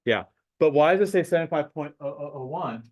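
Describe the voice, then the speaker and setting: A man teaching a high school math class in a casual lecture, talking the students through calculator steps. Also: lively intonation, fast, darkish tone, poor audio. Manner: casual, talks to students as guys, thinks aloud with fillers.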